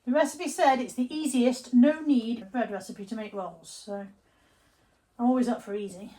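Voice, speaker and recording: At a normal pace, a vlogger from England chats informally to camera in her home kitchen, her voice on the high side and dark in tone. She's self-deprecating and regularly drops to almost a whisper in this everyday vlog talk.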